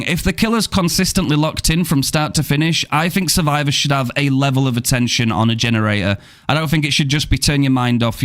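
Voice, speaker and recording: A man's voice: medium pitch, fairly bright tone. A young British man streaming a horror game, chatting playfully with viewers and swearing freely. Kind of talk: casual live-stream chat with viewers.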